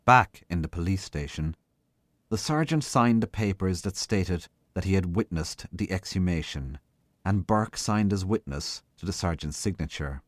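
A man giving a slow, measured literary reading of a short story. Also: low voice, expressive, dry recording. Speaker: reader.

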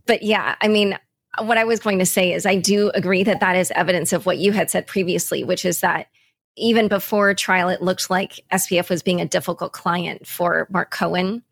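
Gravelly-voiced woman hosting a podcast. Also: medium pitch, no room sound. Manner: conversational, reacts with quick agreement. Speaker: podcast host. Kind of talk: podcast interview.

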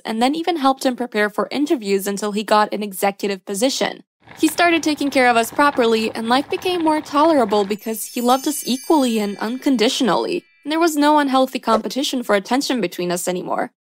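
A woman reading a scripted first-person story with steady storytelling delivery. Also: a little high, quick pace. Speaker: story narrator.

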